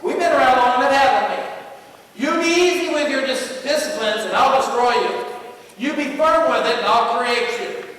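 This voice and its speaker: A man's voice: very high voice, moderate pace. A motivational speaker, a man, firing questions at his audience in a punchy call-and-response style and teasing them along. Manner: energetic call-and-response with the crowd. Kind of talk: motivational speech to staff. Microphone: distant from the recording mic. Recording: distant, echoey hall with faint ambience.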